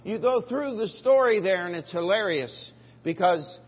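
A male pastor preaching a sermon, retelling a Bible story in a folksy, animated way and acting out the voices. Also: high voice, measured pace, breathy edge. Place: church sanctuary. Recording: dull lo-fi church recording with long reverb.

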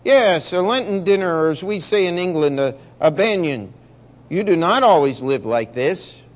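A man voicing a blustering English army officer in a read-aloud story, given to loud exclamations. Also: high-pitched, expressive, moderate pace.

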